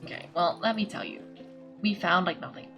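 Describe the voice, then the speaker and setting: A woman hosts a gaming playthrough, reading the game's text aloud while she chats, giggles and pokes fun at herself. Her voice is lowish and fairly quick, with a bright, forceful tone. Soft music plays behind her, and the audio quality is poor.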